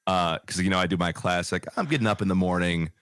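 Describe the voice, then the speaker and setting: Low-voiced man co-hosting a podcast. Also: quick pace, a bit bright, smooth, no room sound, clean studio sound. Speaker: podcast co-host. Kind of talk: casual podcast chat.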